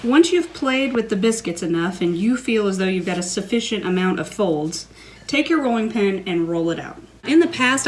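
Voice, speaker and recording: A woman's voice: medium pitch, rough recording. Lady walking thru a recipe in her kitchen, joky and goofy, faint hum behind. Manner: playful, self-mocking asides. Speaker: cooking vlogger. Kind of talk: cooking tutorial. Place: home kitchen.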